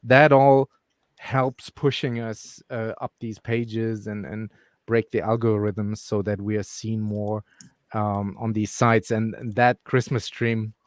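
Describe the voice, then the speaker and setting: A man's voice: lowish voice, flat delivery, takes it slowly, no room sound, studio quality. A man co-hosting a crypto live stream, chatting casually with lots of fillers and restarts. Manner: rambling, frequent fillers and restarts. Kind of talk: casual chat.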